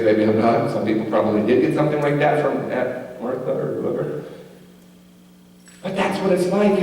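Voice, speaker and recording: A man's voice: a little high, a little mellow. A male pastor preaching a sermon in a conversational, joking way, often checking in with the congregation. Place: large church sanctuary. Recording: echoey church hall, distant mic.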